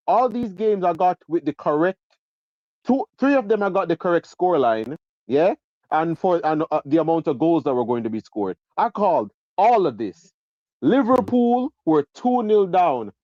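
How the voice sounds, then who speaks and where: A man's voice: a little high, warm tone, no echo, lo-fi sound. A man calling in to a football stream and ranting about a lost bet, hammering each point with a repeated "yeah?".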